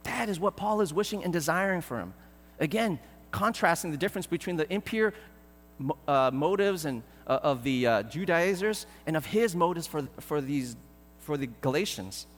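A man preaching a sermon as pastor, earnest and pleading, often repeating words and filling pauses. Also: a little high, animated, big-room sound.

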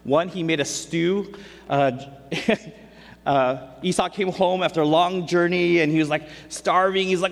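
A man's voice: fairly high pitch, unhurried. A man preaching a casual sermon, retelling scripture in everyday, conversational speech. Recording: long hall reverb.

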